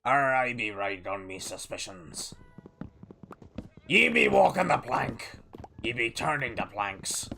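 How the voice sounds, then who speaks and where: Man putting on a gravelly pirate captain. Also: mid-range voice, sing-song, takes it slowly, pauses often, background noise, full character voice. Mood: gruff. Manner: growly pirate talk with shouted "yar" calls. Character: gruff male pirate captain, boisterous. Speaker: streamer. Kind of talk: live gameplay stream.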